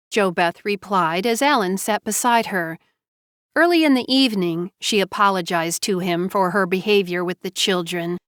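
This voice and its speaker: A woman's voice: medium pitch, moderate pace, clean tone, dry recording. A woman narrating an audiobook, dry close sound. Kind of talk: scripted narration.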